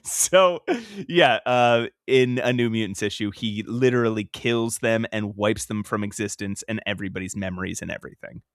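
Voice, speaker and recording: A man's voice: fairly low pitch, fairly even intonation, dry recording, clean studio sound. Jokey, swearing podcast co-host man. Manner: jokey, quick to laugh, swearing, interjecting. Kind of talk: casual chat.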